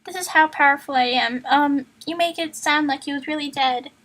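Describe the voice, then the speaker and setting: A woman streamer reading a book aloud on a live stream, often breaking off to chat and joke. Her voice sits high and sounds bright. She rambles and stumbles over words as she reads. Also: normal speed, low-quality recording. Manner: playful, chatty, loses her place in the text. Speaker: streamer, reader.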